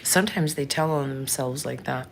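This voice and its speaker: A woman's voice: rumbling low, moderate pace, vocal fry, a little hiss or hum. A woman in her thirties hosting a casual livestream, chatting frankly and answering viewers by name. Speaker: livestream host.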